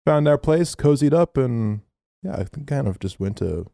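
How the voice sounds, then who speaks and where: A man's voice: mid-range voice, moderate pace, creaky, no echo, clean studio sound. A young man on a podcast, telling a story casually and swearing often. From Australia. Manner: animated storyteller, swears a lot. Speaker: podcast co-host.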